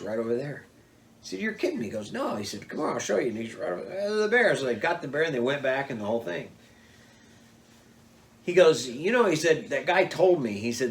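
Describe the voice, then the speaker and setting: An older man telling old hunting stories in a lively way, jumping up in pitch when he acts out what people said. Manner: animated, acts out quotes with big pitch jumps. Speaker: storyteller.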